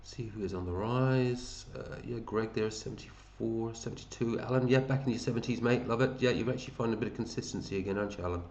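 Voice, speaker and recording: A man's voice: lowish voice, fast talker, hardly any pauses, a little mellow, roomy sound. A man hosting a fantasy football league, chatting casually and matey as he runs through scores and thinks aloud. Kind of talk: casual commentary over a screen.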